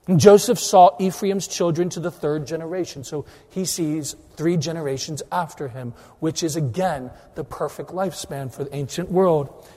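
A man preaching in a high, lively voice, swinging from ringing emphasis down to near-murmured asides. His words carry a long reverb from a large church hall. He sounds like a pastor in the middle of a sermon. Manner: animated preaching, swinging between loud emphasis and quiet asides.

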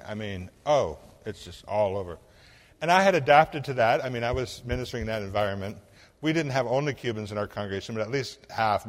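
Man, pastor, sermon storytelling, acts out dialogue, hushed to loud, long hall reverb. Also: mid-range voice. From Illinois.

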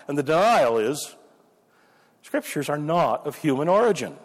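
Man, sermon teaching, emphatic stresses, fairly high voice, long hall reverb. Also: big pitch swings, normal speed. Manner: emphatic, builds up stress on key words. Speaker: preacher.

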